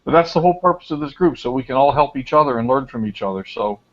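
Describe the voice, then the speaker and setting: A man's voice: mid-range voice, animated, quick pace, muffled recording. A man hosting a small online group chat, talking in an easygoing, chatty way with restarts. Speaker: group host.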